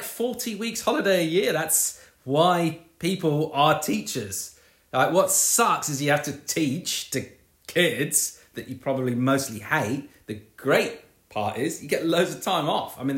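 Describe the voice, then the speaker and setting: A man's voice: on the high side, a bit bright, echoey room. A man co-hosting a podcast, rambling and sarcastic in casual banter. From British Isles. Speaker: podcast co-host.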